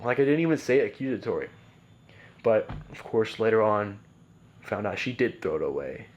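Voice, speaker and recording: A man's voice: lowish voice, expressive, quick pace, a little mellow. A man casually telling a personal story as a podcast guest, rambling with lots of "like" and "bro" and frequent restarts.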